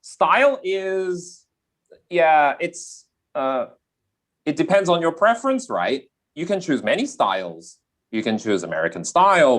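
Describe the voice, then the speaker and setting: A man from Australia with a softened Australian accent, an English teacher explaining pronunciation in a live online class, often checking in with "yeah?". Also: medium pitch. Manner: explanatory, repeats key points, checks in with "yeah?".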